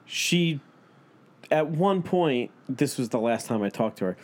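A man's voice: mid-range voice, animated, unhurried. A man hosting a podcast, telling a story in casual chat, swearing a lot, laughing, and acting out what he and others said. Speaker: podcast host.

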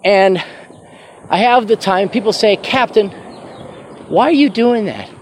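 A man's voice: high-pitched, unhurried, slight background noise. A man hosting a podcast, talking in a brash, sarcastic, ranting monologue. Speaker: podcast host. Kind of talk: casual monologue.

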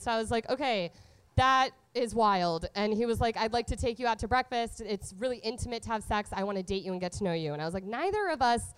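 A woman's voice: on the high side, animated, fast, clear, resonant tone, no echo. A young woman telling a candid, profane comedy story, full of "like" fillers. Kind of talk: stand-up storytelling.

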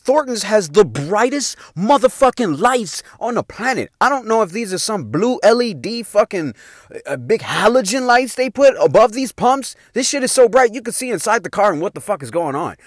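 A man's voice: sits high, normal speed, no room sound, studio quality. A middle-aged man hosting his own show, telling a personal story in casual, profane slang. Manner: profane, animated, slangy street talk. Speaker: podcast host telling a story.

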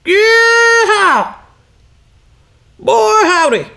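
A man's voice: very high voice, big pitch swings, very slow, gravelly, sharp tone, pitched above the performer's own voice, full character voice. A man voicing a folksy old man with a Texan accent who hoards gold, in a squawky, hollering put-on voice while improvising a story.

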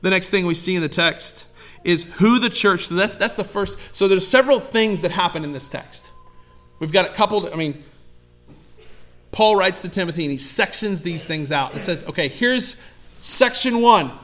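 A man preaching a sermon in an animated, conversational way, often acting out quotes. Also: normal speed. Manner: animated, conversational, acts out quotes with sudden loud high voices. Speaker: pastor.

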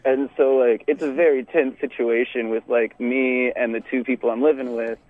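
A man's voice: medium pitch, normal speed, dry recording. A young man from Texas, telling a story in casual podcast chat, laughing often. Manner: animated, laughs often, many fillers. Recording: tinny phone-like sound.

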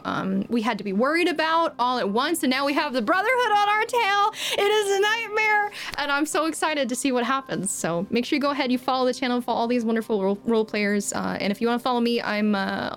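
A woman who is a voice actor and streamer, chatting enthusiastically as she signs off. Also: fairly high pitch. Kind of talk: casual stream sign-off.

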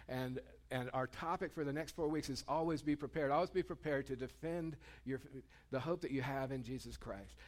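A male pastor preaching a sermon in a conversational, joking way, retelling scripture in everyday terms. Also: on the high side.

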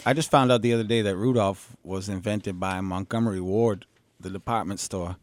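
A man's voice: fairly low pitch, fairly even intonation, a little fast, dry recording. A man co-hosting a podcast, chatting casually and tossing in wry jokes. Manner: joking, wry asides. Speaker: podcast co-host.

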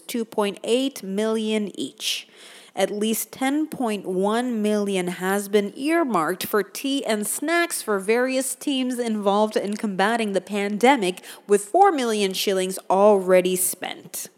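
A woman's voice: on the high side, measured pace. A woman doing comedic commentary, sarcastic and profane, slipping into a mock newsreader voice. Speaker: commentary vlogger.

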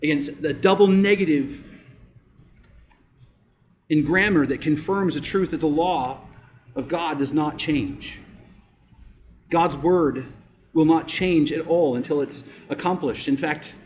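High-voiced man preaching with emphatic swings. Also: measured pace, long pauses. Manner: emphatic, swinging from loud declarations to quiet asides. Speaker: pastor. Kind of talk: sermon.

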